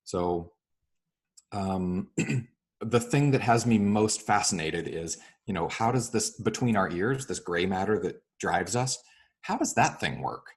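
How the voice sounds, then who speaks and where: A man speaking as an interview guest, explaining his ideas with many fillers and lively acted-out example dialogue. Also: deep voice, measured pace, slightly rough. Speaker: real estate broker and coach.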